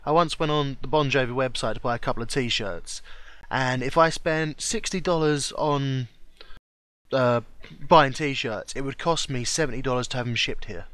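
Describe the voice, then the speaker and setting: A man's voice: mid-range voice, normal speed, a bit bright, no room sound. A man co-hosting a podcast in casual chat, laughing often between remarks. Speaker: podcast co-host.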